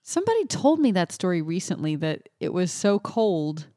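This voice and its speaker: A woman's voice: lowish voice, big pitch swings, moderate pace, warm tone, no echo, clean studio sound. A woman who works as a voice actor, co-hosting a podcast and telling stories in amused, casual chat. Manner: chatty, amused storytelling.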